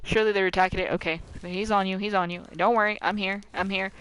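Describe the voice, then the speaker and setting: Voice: mid-range voice, steady tone, fast talker, fairly bright tone, clean tone, rough recording. A game streamer commentating live with playful drama and talking to the characters on screen.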